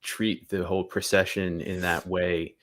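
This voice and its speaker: A man co-hosting a political talk show, speaking in a measured, firm and accusatory way. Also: low voice, flat delivery, fairly bright tone. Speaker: co-host. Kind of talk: political commentary.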